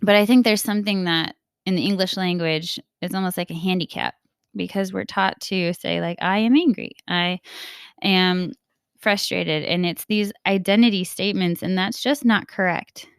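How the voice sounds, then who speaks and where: A young adult woman who is a Catholic mindset coach and podcast host talks casually and reflectively, animated and often laughing as she acts out bits of dialogue. Her mid-range voice is smooth at a normal speed, in a dry, studio-quality recording.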